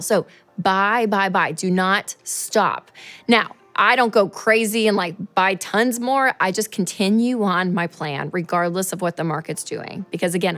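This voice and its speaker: A woman in her thirties hosting a show, talking through money advice in a casual, animated way and acting out quotes. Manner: animated, chatty, acts out quotes in a higher voice. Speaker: show host.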